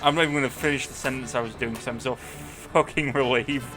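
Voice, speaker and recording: A man's voice: mid-range voice, steady tone. A man co-commentating a video game playthrough in casual chat, sarcastic and given to swearing. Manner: sarcastic, swearing, slow and deliberate. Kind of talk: casual let's play commentary. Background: game music.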